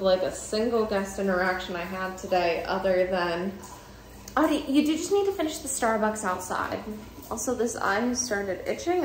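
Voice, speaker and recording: A young woman chats to camera at home at night and rambles freely, correcting herself as she goes. Her voice sits in the middle of the range. The room sounds echoey, with faint noise behind. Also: mid-range voice. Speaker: vlogger. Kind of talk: casual chat to camera.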